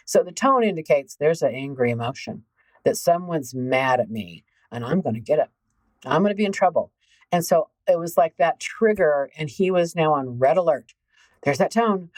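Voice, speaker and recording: A woman hosting a podcast as a coach, talking in an animated, emphatic way straight to her listeners. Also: deep voice, moderate pace, no echo, low-quality recording. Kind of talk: conversational podcast monologue.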